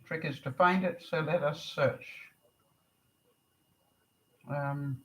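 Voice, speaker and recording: An older woman from Canada chatting casually on a live stream, answering viewer comments in a chatty, relaxed way. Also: sits low, slow pace, husky, poor audio. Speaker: vlogger.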